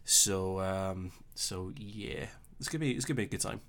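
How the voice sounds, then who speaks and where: A young man with a Scottish accent hosting a casual live stream, chatting easily and reading out viewer comments with relaxed filler pauses. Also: low-pitched. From Scotland. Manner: chatty and easygoing, thinking aloud with filler pauses.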